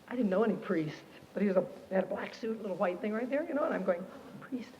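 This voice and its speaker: A woman giving a personal testimony to a Christian camp audience, expressive and animated, acting out the people in her story. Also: medium pitch, a little fast, a little hiss or hum. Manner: animated, expressive, quotes herself and others. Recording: dull lo-fi archive tape, reverberant hall.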